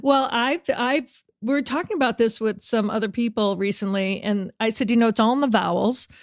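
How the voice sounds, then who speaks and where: A woman from Massachusetts with a local accent, hosting a casual interview in a chatty, animated way and laughing often. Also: on the high side, brisk, dry recording, studio quality. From South Shore of Massachusetts. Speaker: host.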